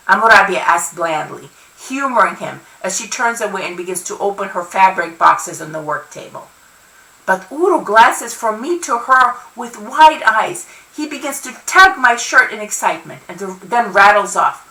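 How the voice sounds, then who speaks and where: A woman author reading her own novel aloud in an expressive first-person narration. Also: medium pitch, moderate pace. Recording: roomy, from far off.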